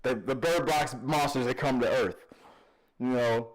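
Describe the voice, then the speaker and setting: A man's voice: mid-range voice, measured pace, low-quality recording. A man hosting a casual vlog, reading viewer comments aloud with jokes, laughter and frequent stammered repeats. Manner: animated, laughing, jokey, self-deprecating.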